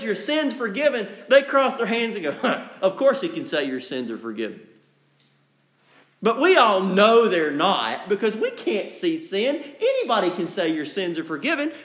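Male preacher, animated, high and expressive. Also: roomy sound. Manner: animated, conversational, rhetorical questions. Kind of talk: sermon with storybook reading.

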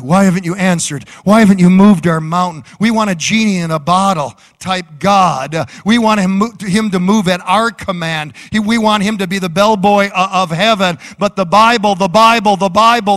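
High-voiced fervent preaching man. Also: fairly bright tone. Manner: fervent, rhythmic preaching with repeated phrases. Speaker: pastor. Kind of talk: sermon.

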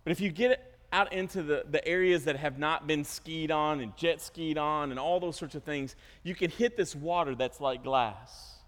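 A male pastor preaching a sermon, with animated storytelling, self-interruptions and joking asides. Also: fairly high pitch. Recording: long hall reverb.

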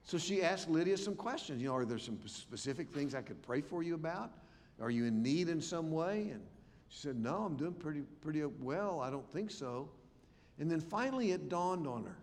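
An older male preacher tells a story from the pulpit, slipping into the voices of the people in it. His voice sits a little high for a man. It rings with a long reverb through a large hall. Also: normal speed. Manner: animated storytelling, acts out quoted voices. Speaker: pastor. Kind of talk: conference sermon, storytelling. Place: large church or conference hall.

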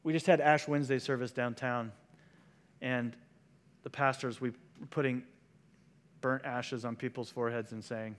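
A man's voice: medium pitch, fairly even intonation, moderate pace, long pauses. A man preaching a sermon as pastor, in a conversational style that moves into quoted voices. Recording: long hall reverb.

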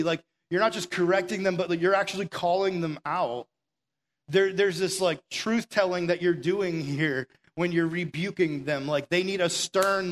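Man, preacher, sermon, high-ish voice, casual and energetic, rhetorical questions. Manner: energetic and conversational, with lots of "like". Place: stage before an audience.

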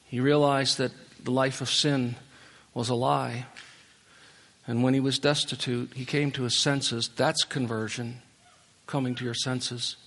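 Male pastor, mid-pitched, earnest pleading sermon delivery that swells to impassioned appeals and falls back soft, big reverberant worship hall. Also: level tone, a little slow. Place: church worship center. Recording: long reverb of a large hall.

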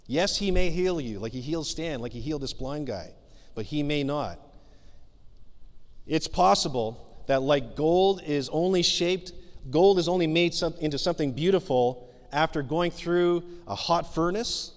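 A man preaches a sermon from the pulpit, his voice sitting a little high for a man. He talks earnestly and conversationally, leaning on frequent filler pauses. The sound carries a long reverb, as from a church sanctuary. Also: animated. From Canada. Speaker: pastor.

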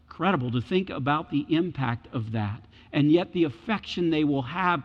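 Male preacher, theatrical delivery, lively swooping pitch, dull lo-fi hall recording. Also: normal speed, hardly any pauses. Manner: dramatic, acts out biblical voices. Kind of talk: sermon. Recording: echoey hall, dull lo-fi sound.

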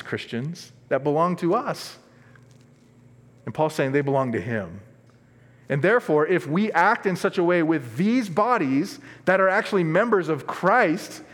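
A man preaching a sermon as pastor, earnest and emphatic, dropping from strong stress to quiet asides. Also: sits high. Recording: long reverb of a large hall.

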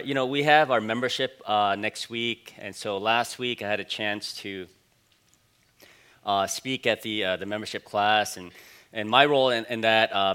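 Male pastor, forties, bright voice, chatty anecdotal sermon delivery in church. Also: on the low side, clear, resonant tone. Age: 40s. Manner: conversational, storytelling, many fillers.

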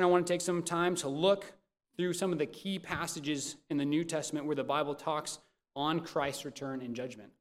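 A man preaching a sermon as pastor, earnest and measured, putting questions to the congregation. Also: fairly high pitch.

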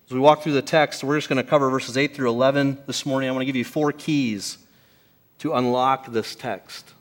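A man preaching a sermon to a congregation, earnest and emphatic, slowing down to stress key phrases. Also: medium pitch, steady tone. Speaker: pastor. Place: church service before a congregation.

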